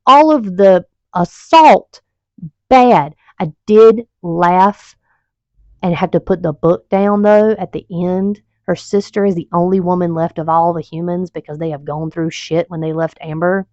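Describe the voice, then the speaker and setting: A woman's voice: lowish voice, steady tone, normal speed, a little mellow, no room sound. A woman reviewing books in a casual vlog, rambling and exasperated, swearing freely. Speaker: book reviewer. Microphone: home video mic. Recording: dull lo-fi home mic.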